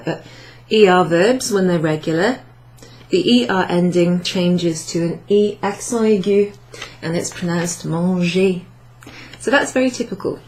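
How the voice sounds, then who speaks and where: A woman teaching a recorded French lesson, chatty and relaxed, with frequent ums and light laughs as she writes out examples. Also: lowish voice, low-quality recording. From Wales.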